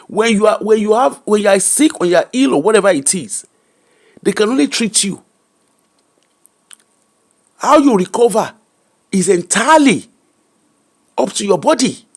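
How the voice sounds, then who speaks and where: A man's voice: high-pitched, slightly rough. A middle-aged Nigerian man with a Nigerian accent, hosting an emphatic, preacher-like commentary that mixes Pidgin and English. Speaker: host.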